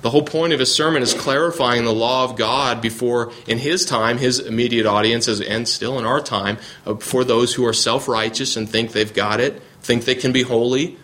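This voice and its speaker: A man's voice: medium pitch, fairly even intonation, moderate pace, few pauses, a bit bright. A man teaching a Bible class, reading scripture aloud in an earnest way and often restarting sentences as he searches for words.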